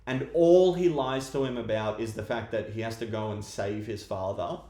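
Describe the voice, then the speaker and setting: A man co-hosting a podcast, laying out theories in a measured way during casual chat. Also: lowish voice, dark tone. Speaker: podcast co-host. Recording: roomy echo.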